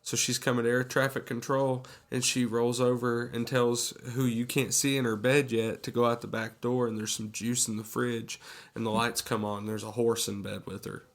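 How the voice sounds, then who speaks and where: A man's voice: mid-range voice, little pitch movement, normal speed. A man co-hosting a podcast, casually retelling movie scenes and acting out the quotes. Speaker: podcast co-host. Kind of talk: casual movie recap chat.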